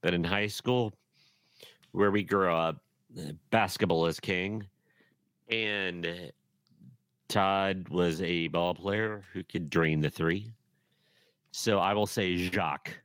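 A man co-hosting a podcast in casual chat, joking and measured. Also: deep voice, steady tone, a bit bright, dry recording. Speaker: podcast co-host.

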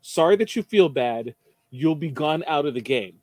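A man's voice: a little high, animated, moderate pace, darkish tone, no room sound. A man co-hosting a casual podcast chat, stressing his points and repeating them. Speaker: podcast co-host.

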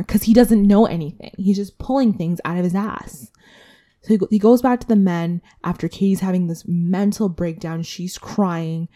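A woman's voice: medium pitch, steady tone, normal speed, warm tone. A woman hosting a casual solo podcast recap, chatty and candid, with swearing and asides to herself. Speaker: podcast host.

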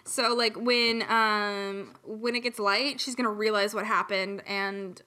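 A woman's voice: medium pitch, steady tone, a little slow, bright, forceful tone. A young woman casually retelling a fairy tale on a podcast, chatty and giggly, swearing and acting out the voices. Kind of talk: casual chat storytelling.

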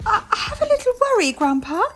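A woman's voice: very high-pitched, huge pitch swings, moderate pace, pitched above the performer's own voice, exaggerated voice. A woman voicing a cheerful little girl pig in a storybook read aloud. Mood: sheepish.

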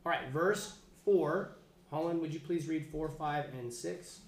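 In an echoey room with faint noise behind him, a man with a fairly high voice runs a relaxed, talkative Bible study class. He speaks a little slowly and keeps restarting his sentences.

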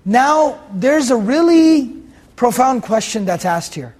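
High-voiced man, Quran lesson teacher, explains words and repeats phrases. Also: lively intonation, measured pace, a little mellow. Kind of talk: Quran commentary lecture.

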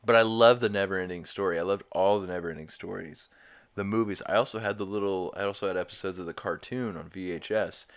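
A man's voice: sits low, fast talker, clean tone. A man hosting a podcast, giving a rambling, profane, amused recap of a cartoon episode. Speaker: podcast host.

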